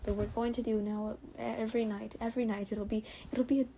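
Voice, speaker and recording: A woman's voice: fairly high pitch, level tone, brisk, slight background noise, poor audio. Giggly American woman reading aloud. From United States. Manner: stumbles over words, giggles, drops into soft whispers. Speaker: streamer. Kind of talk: reading fan fiction aloud on a livestream.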